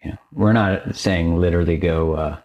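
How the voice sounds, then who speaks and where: A male podcast host reflecting in a casual, thoughtful and gentle way. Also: deep voice, fairly even intonation, moderate pace, highs cut off.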